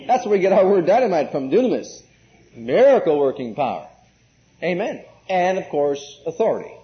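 A man's voice: high voice, very animated, moderate pace. A man preaching an emphatic sermon, asking the congregation questions and repeating key words. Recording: muffled lo-fi recording.

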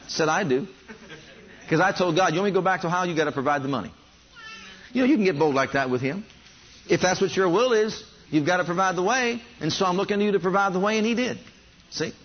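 Male preacher, fairly high husky voice, animated storytelling from the pulpit, slightly dull recording. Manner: animated storytelling, addresses congregation directly. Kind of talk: sermon.

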